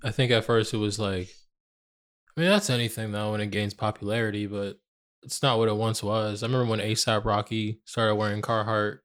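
A young male podcast co-host in casual chat, speaking in a relaxed, reflective way with lots of "like". His voice sits fairly low for a man and stays easygoing and unhurried.

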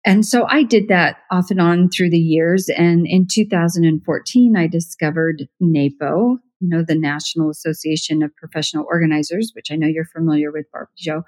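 A middle-aged woman telling her story as a guest in a casual interview, chatty and animated, acting out what others said with little laughs. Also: lowish voice, fairly quick, few pauses. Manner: chatty, animated, acts out quoted voices with laughs. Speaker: professional organizer, podcast guest.

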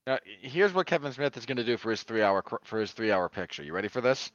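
A man's voice: mid-range voice, sing-song, fast talker, fairly bright tone, no room sound, dull audio. A man co-hosting a casual film review podcast, sardonic, given to exaggerated mock outbursts. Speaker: podcast co-host.

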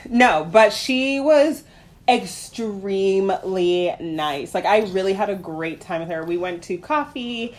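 A woman co-hosting a podcast in casual chat, telling stories animatedly and acting out quotes in a high voice. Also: takes it slowly. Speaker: podcast co-host.

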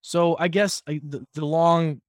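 Podcast host, man, casual and rambling, a bit high-pitched, close dry mic. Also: flat delivery, measured pace, no room sound. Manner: rambling, many fillers and restarts. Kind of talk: casual interview question.

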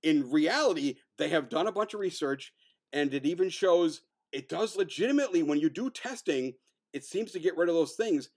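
Man, film podcast co-host, casual chat, blunt, swears freely, slightly high voice. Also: expressive, moderate pace. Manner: blunt, profane, loud bursts of mock outrage.

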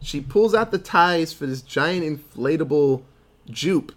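A man talking through a movie's story in a loose, chatty way, as a podcast co-host would. He jumps into quick character voices as he goes, keeping the retelling lively and offhand. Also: a little high. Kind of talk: casual movie recap.

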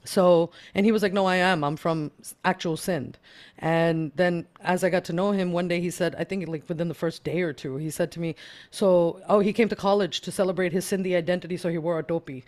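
A speaker raised in the United States, telling a story in a casual panel conversation and acting out the quoted dialogue with lively energy. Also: medium pitch, brisk. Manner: animated storyteller who acts out quoted dialogue.

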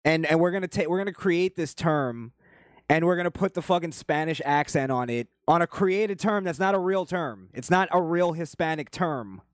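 A man's voice: fairly high pitch, lively intonation, moderate pace, no room sound, clean studio sound. A man ranting through heated, profanity-laced political commentary and reading viewer comments aloud. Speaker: commentary channel host.

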